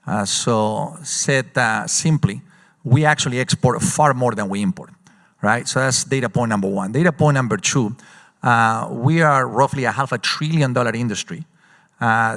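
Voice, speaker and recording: Executive man telling stories in a reverberant hall. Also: mid-range voice. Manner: animated storyteller, quick bursts with frequent uh fillers. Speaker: company executive guest. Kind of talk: live on-stage conference interview. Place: large conference hall.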